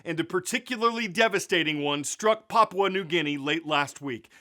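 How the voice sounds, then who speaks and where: Bright high-voiced male news host. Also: normal speed. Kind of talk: scripted news narration.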